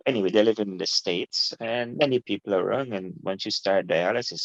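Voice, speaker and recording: A middle-aged man, a guest telling his story in an animated, informal way and laughing easily. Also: lowish voice, a little fast, gravelly, no room sound. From Guyana. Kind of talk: casual interview storytelling. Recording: dull lo-fi, dry.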